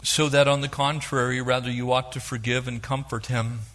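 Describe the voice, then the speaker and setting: Middle-aged pastor guy preaching, lively, jumps into little voices for the people he quotes. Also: medium pitch, normal speed. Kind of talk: sermon.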